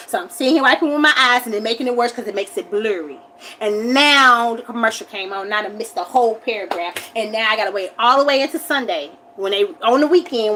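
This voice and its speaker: A woman's voice: high-pitched, a little hiss or hum. Woman ranting animatedly on a livestream. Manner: animated, repetitive complaining, rising to shouts. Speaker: livestream host. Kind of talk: casual ranting monologue.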